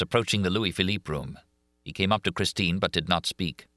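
A man narrating an audiobook in a dramatic, expressive way. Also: sits low, a little fast, no echo, studio quality.

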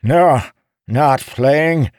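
A man voicing eager, lisping old male street beggars who plead for coins in a strained, high voice. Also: very slow, a little mellow, no room sound, studio quality. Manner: pleading, greedy, high-pitched and frantic.

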